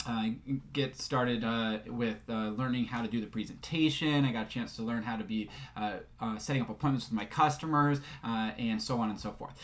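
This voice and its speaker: A man's voice: mid-range voice, a bit bright, a little hiss or hum. A man telling a personal story to a group, with frequent filler sounds and rambling asides. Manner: acts out quoted dialogue.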